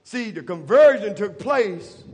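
A man's voice: high voice, animated, slow pace, slightly rough. Impassioned preacher man in an echoing church. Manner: impassioned, rising to shouts, Southern Black church cadence. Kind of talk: sermon. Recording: long reverb of a church hall.

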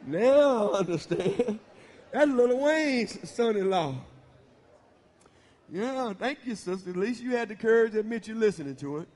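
A man preaching a sermon in a church, bantering with the congregation and building to loud preaching. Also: high voice, expressive, measured pace. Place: church sanctuary. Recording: long reverb of a church hall.

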